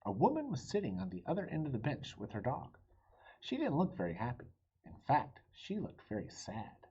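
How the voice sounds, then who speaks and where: A man with a husky voice, reading a children's chapter book aloud in an animated, friendly way and asking the listeners questions. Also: medium pitch, normal speed, lo-fi sound. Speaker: storybook reader.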